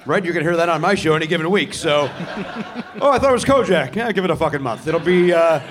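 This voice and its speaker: Animated, sarcastic male comedy host. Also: fairly high pitch, brisk, noisy background. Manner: sarcastic, riffing, swearing. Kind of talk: live comedy podcast banter. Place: theatre stage before a live audience.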